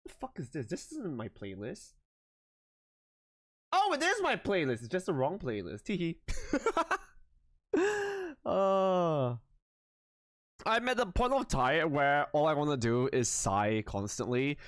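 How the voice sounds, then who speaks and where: A tired young man chats loosely with his live stream audience, cursing and giggling at himself. His pitch jumps all over the place as he rambles. The sound is close and dry, with no room echo. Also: wildly swooping pitch, takes it slowly, long pauses. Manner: swears freely, giggly, self-mocking, rambling. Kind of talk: casual chat with viewers.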